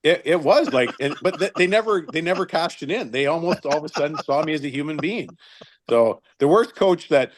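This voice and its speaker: A man's voice: fairly high pitch, a little fast, slight background noise. A man in his fifties, a retired hockey linesman, telling stories casually and acting out the quotes. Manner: animated storyteller, acts out quotes. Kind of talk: casual storytelling.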